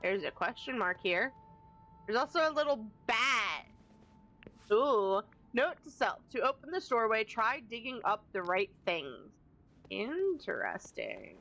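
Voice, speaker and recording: A woman's voice: on the high side, lively intonation, unhurried, sharp tone, soft background music, rough recording. A woman streaming a game, chatting casually and reading the dialogue aloud with amusement. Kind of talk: casual gameplay commentary.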